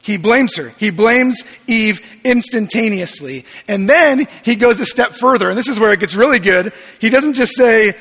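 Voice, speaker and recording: A man preaching a sermon, animated and often checking in with the room by asking "right?" while acting out quoted lines. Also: very high-pitched, normal speed, hardly any pauses, husky, in a large hall. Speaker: pastor.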